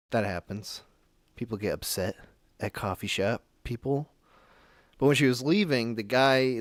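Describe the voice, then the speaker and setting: A man's voice: lowish voice, no echo. A man calling in to a talk show, telling a story in a rambling, casual way with many restarts. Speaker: caller.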